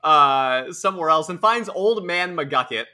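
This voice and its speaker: A man co-hosting a podcast, calmly summarizing a cartoon episode with dry teasing. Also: on the high side, unhurried. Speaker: podcast co-host. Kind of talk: casual recap chat.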